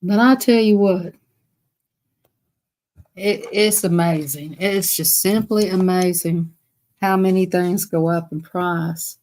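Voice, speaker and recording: A woman's voice: fairly low pitch, fairly even intonation, takes it slowly, long pauses, a little mellow. A woman with a Southern US accent chatting on a live stream, telling rambling stories and laughing between phrases. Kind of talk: casual storytelling to viewers.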